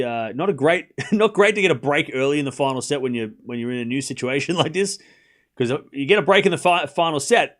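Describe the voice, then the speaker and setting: A man hosting a live tennis watchalong stream, rambling casually with lots of "you know" and restarts. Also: a little high. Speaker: host.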